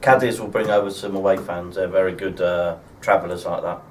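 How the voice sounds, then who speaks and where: A man's voice: low voice, steady tone, a little fast, slight background noise. A man chatting casually and giving club arrangements in a matter-of-fact way. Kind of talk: casual chat. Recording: voice far from the mic.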